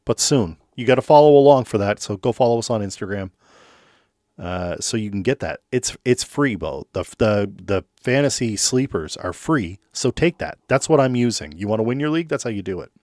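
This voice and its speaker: A man's voice: on the low side, lively intonation, brisk, darkish tone, dry recording, studio quality. A man co-hosting a sports show, chatting casually and jokingly with lots of fillers. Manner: loose, joking, filler-heavy.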